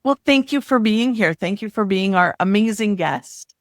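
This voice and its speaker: A woman's voice: medium pitch, lively intonation, normal speed, no room sound, studio quality. A woman hosting a podcast, talking in an upbeat, affirming way. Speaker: podcast host. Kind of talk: casual podcast interview.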